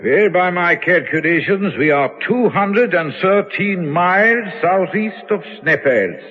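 An actor playing a steady, scholarly uncle leading an expedition, speaking in a measured, formal way. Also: male voice, sits high. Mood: reassuring. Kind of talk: 1950s radio drama acting. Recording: tinny, echoey old radio recording.

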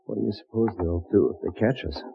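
A wary, deep-voiced time traveler in a tinny radio play. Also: male voice, quick pace, vocal fry. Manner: wary, hushed questions, somber narration. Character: uneasy male time traveler, companion and narrator. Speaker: narrator and character in a radio play. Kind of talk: 1950s radio drama acting and narration. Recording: tinny old radio broadcast with loud music.

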